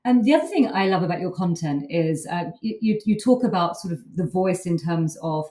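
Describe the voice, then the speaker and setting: A woman's voice: fairly low pitch, animated, a little fast, warm tone. A woman hosting a podcast interview, asking questions in a chatty way as she thinks aloud. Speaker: podcast host. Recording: echoey room, distant mic.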